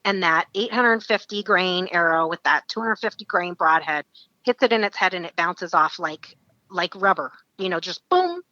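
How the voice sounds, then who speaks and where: Animated woman telling a hunting story. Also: lowish voice, moderate pace, dry recording, highs cut off. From Alaska. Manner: animated, acts out quoted voices, laughs often. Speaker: podcast guest. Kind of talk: storytelling in casual interview.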